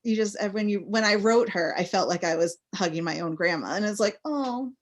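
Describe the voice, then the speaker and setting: Chatty lower-voiced woman from Massachusetts. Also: brisk. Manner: chatty, rambling, full of fillers. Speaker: guest author. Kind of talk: casual interview chat.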